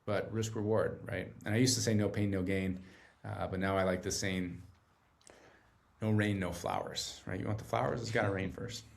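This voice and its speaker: A man with a low, gravelly voice talks earnestly as a podcast guest. He explains things in a relaxed, conversational way and keeps checking in with the listener. His tone has a steady, grounded weight. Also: moderate pace. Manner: earnest, tags points with "right?". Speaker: guest, treatment center director.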